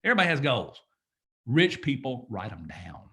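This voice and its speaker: A man's voice: medium pitch, sing-song, moderate pace, pushed and bright. A man in his fifties giving an emphatic, preachy motivational talk, often asking "guess what?". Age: 50s. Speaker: motivational speaker.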